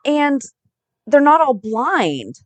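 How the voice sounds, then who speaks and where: A woman co-hosting a fan podcast, chiming in with quick reactions and practical qualifiers. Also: high-pitched, very animated, no room sound. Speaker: podcast co-host. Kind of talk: casual podcast chat.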